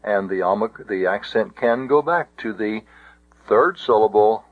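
A man's voice: lowish voice, a little slow, dry recording. A man teaching Greek grammar, methodically and carefully spelling out each example. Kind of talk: explaining grammar rules. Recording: tinny phone-like audio.

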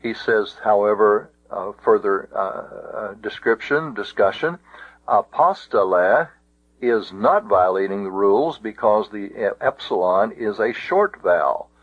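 A man's voice: lowish voice, expressive, a little slow, few pauses, no echo. A man teaching Greek grammar, methodically and carefully spelling out each example. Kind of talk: explaining grammar rules. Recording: tinny phone-like audio.

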